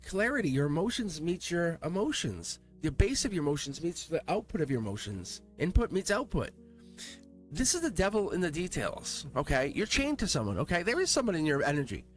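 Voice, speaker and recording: A man giving a casual tarot reading to camera in an animated, rambling way, talking to his cards and laughing now and then. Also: high-pitched. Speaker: tarot reader.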